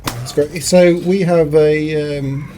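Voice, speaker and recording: A man's voice: a little high, fairly even intonation, slow pace, dark tone, a little hiss or hum. A man from England chatting casually, rambling and hesitant, with many restarts. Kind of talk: casual chat.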